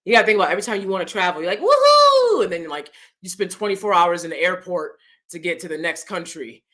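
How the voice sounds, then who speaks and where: A woman hosting her own vlog, talking through celebrity news in a chatty, expressive way and laughing often. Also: lowish voice, fast. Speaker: vlogger host. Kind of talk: casual opinion commentary.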